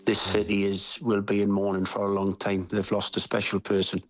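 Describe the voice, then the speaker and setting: A former footballer, emotional and halting as he searches for words in an interview. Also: lowish voice, completely flat delivery, no room sound, lo-fi sound. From Newcastle, England.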